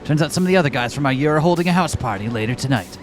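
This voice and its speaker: A game player putting on a deep, drawling voice for a swaggering cowboy-talking young friend in a video game. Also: expressive, rapid-fire, faint music behind, natural voice. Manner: drawling, low and gruff.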